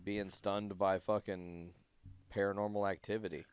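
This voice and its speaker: Homem de voz limpa e seca, descontraído. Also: male voice, on the low side, level tone, normal speed, smooth, no echo. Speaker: podcast co-host. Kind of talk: casual chat.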